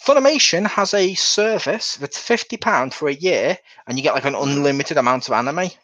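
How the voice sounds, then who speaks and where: A man chatting casually on a podcast, telling lively stories and acting out other people's voices. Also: on the high side, a little fast, no room sound. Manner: animated storyteller who acts out quotes in different voices. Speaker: podcast co-host. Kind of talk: casual chat. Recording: dull, lo-fi sound.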